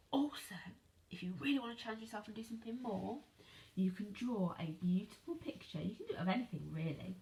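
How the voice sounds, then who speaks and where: Woman teaching a slow, clear phonics lesson. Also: medium pitch, darkish tone. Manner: slow and clear, asking pupils questions and spelling words out. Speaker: primary school teacher. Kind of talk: online phonics lesson for children.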